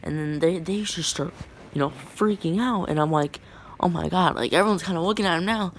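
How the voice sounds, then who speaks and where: A woman's voice: lowish voice, brisk, slight background noise. A woman telling a casual storytime vlog, rambling with lots of fillers and slang.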